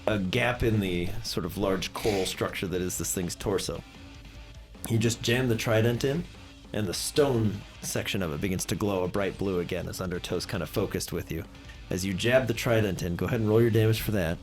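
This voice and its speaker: A young man narrating as game master, with lively, hedging descriptions full of "kind of.". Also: on the low side, a little fast, soft background music.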